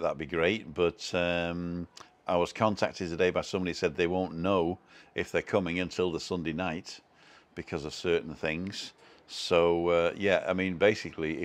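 A man hosting a casual live stream, chatting in a self-deprecating way and reading out viewer comments from home. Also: low-pitched.

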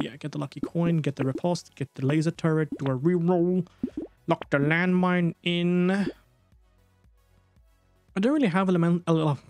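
A tired man commenting on his gameplay, English not his first language, rambling and self-mocking. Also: no room sound. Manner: excitable, rambling, self-mocking, jumps to high squeaks when panicking. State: tired late at night. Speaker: gaming YouTuber.

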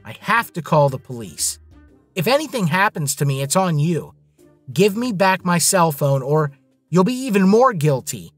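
A man's voice: a little high, very animated, normal speed, slightly rough, faint music behind, voice pushed up. A man voicing a scheming, cocky rich young man who talks in a bossy, demanding way.

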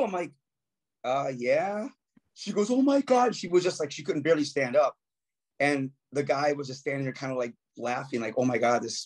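A man, a guest musician, telling stories in casual talk and acting out quotes with a raised voice. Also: medium pitch. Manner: animated, acts out quotes in raised voice. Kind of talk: casual storytelling.

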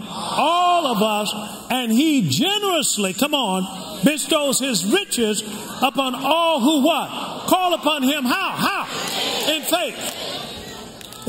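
High-pitched older preacher in an echoey hall. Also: male voice. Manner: call-and-response preaching, asks the congregation to finish lines. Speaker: pastor. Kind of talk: sermon. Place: church sanctuary. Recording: echoey hall with background noise.

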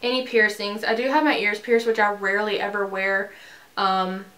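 A woman's voice: mid-range voice, level tone, normal speed, bright, forceful tone. A young woman chatting casually to camera in a bubbly, rambling way, full of fillers, filming a tag video at home. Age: young adult. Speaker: beauty vlogger. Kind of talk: casual chat. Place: bedroom in her house.

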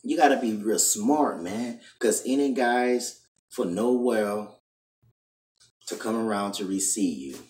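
Deep-voiced man preaching in an echoey room. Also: expressive, slow pace, darkish tone, distant mic. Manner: repetitive, keeps ending lines with "man"; scolding and insistent. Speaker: video preacher. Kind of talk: preachy monologue to camera.

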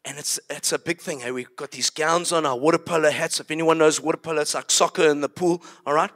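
A man preaching, telling a story in an animated way and acting it out. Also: on the high side, fast talker. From South Africa. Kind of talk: sermon storytelling.

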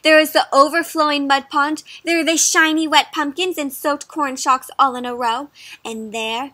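A woman reading a picture book aloud to children, pausing to ask gentle questions. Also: high voice, dry recording. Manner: gentle, asks the listener questions. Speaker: children's storybook reader. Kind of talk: interactive read-aloud for kids.

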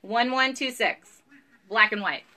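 Woman, 30s, bubbly live seller; bright, lively, slightly high voice. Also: unhurried. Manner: bubbly, chatty, giggly, uses y'all. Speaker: live online clothing seller. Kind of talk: live sales stream chat.

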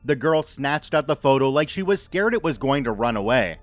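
A man narrating a scripted horror story in a measured, even reading voice. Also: medium pitch.

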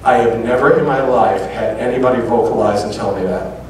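A male lecturer spins a personal anecdote, acting out each person's lines as they come up. He sits at an ordinary middle pitch. The voice reaches us from a distance, wrapped in heavy hall reverb with faint noise underneath. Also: a little fast. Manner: animated anecdotes with quoted dialogue. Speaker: public speaker. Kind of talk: storytelling lecture. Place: large auditorium. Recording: very echoey hall from far off.

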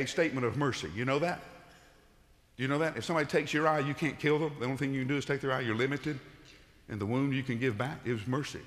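Pastor guy preaching, chatty then suddenly loud, then quiet and low, big echoey church sound. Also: fast. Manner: conversational preaching, swings from loud emphatic bursts to low quiet tones. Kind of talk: sermon.

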